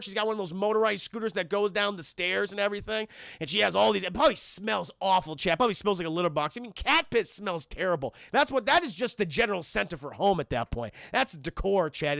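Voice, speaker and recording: Gravelly, profane young streamer. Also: male voice, high-pitched, bright, forceful tone, dry recording, studio quality. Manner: profane, rambling, constantly addressing chat. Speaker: streamer film reviewer. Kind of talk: live-stream film recap.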